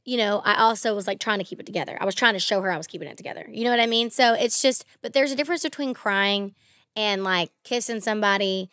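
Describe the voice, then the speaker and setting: A young woman and country singer telling stories in casual podcast chat, animated, swearing freely, and acting out what people said. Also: medium pitch, quick pace, no room sound, clean studio sound. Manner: animated, swearing, acts out quotes in bursts. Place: podcast studio.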